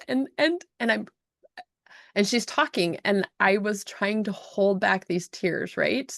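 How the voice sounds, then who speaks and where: A woman hosting a podcast, telling an emotional story in an animated way, with frequent restarts. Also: mid-range voice, unhurried, no room sound, clean studio sound. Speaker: podcast host and self-published author. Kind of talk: casual storytelling chat.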